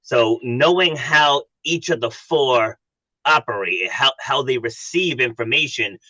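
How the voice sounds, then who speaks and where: Bright-voiced man, earnest coach. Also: medium pitch, lively intonation, unhurried, no echo, low-quality recording. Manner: earnest storyteller, acts out dialogue. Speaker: coach and podcast guest. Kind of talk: casual interview chat.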